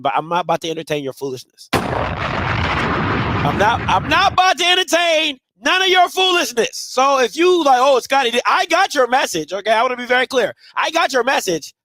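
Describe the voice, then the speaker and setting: A man's voice: high-pitched, background noise. A man in his thirties hosting a casual livestream from home, telling stories with lots of repetition. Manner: animated storytelling, repeats phrases. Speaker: livestream host. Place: home, snowed in.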